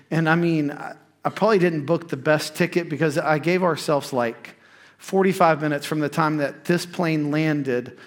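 A man, preaching a sermon in a folksy storytelling way that rises into emphatic preaching. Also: a little high. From United States. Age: 30s. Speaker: pastor.

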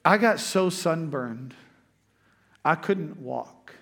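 Pastor guy, slightly high voice with gravel in it, rambling story-style sermon. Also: expressive, drawn-out words, a bit bright. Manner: conversational storytelling, frequent restarts.

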